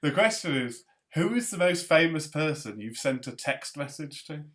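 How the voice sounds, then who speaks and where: A man hosting a casual chat interview, laughing often and asking questions in a relaxed way. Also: a little high, normal speed. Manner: laughs often, gives short prompts. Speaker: podcast interviewer.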